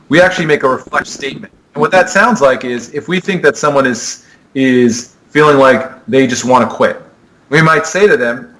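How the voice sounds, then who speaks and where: A man's voice: medium pitch, fairly bright tone, rough recording. A man, a sport psychologist, earnestly explaining ideas in a podcast interview, often restarting his sentences. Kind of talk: conversational explanation.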